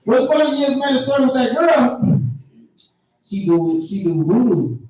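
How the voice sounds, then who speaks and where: A man's voice: extremely high pitch, a little slow. A man telling profane stories in a stand-up comedy set, laughing as he goes. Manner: animated, profane, laughing through his own stories. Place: live comedy venue on stage. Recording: echoey venue, distant mic, crowd noise. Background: audience reacting.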